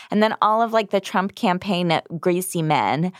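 A woman co-hosting a podcast, chatting casually and mocking the news with sarcastic, animated asides. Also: lowish voice, moderate pace, clear, resonant tone, no room sound, studio quality. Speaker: podcast co-host. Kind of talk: casual comedic political chat.

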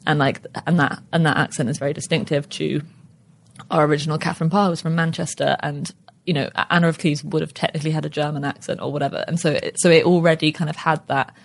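A British-accented guest talks quickly in a relaxed interview, piling on fillers and playful asides. The voice has a gravelly, creaky edge and sits at a middle pitch. The words tumble out at a brisk clip. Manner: fast, chatty, full of fillers and acted quotes. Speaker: co-creator of a stage musical, guest. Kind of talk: casual interview chat.

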